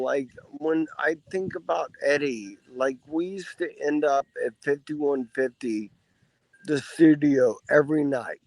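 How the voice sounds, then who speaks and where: Guest spot: middle-aged man, unhurried and gravelly, relaxed profane storyteller, dry close sound. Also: a little high, no room sound, low-quality recording. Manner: profane, laid-back anecdotes. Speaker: podcast guest. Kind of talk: casual storytelling.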